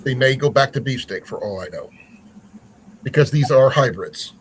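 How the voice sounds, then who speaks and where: A man's voice: medium pitch, animated, normal speed, slight background noise, low-quality recording. A man hosting a casual livestream chat, rambling with many fillers and restarts. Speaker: channel host.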